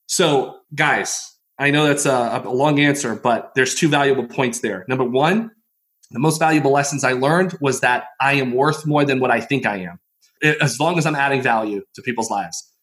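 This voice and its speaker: A middle-aged man telling stories as a podcast guest, animated and quick to laugh. He acts out the people in his stories. His voice sits at a medium pitch. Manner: animated storyteller, laughs often, acts out quotes. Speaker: podcast guest, mindset coach. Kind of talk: casual interview storytelling.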